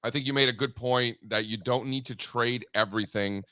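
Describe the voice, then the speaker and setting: A middle-aged man hosting a show, chatting casually in a blunt, profane and animated way. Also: medium pitch, brisk, no room sound. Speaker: host. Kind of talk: casual chat.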